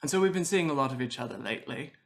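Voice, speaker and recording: A woman voicing a fussy, overeager male host who gushes welcomes in a high, lively voice. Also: rapid-fire. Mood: flustered. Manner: high, gushing, repetitive welcomes.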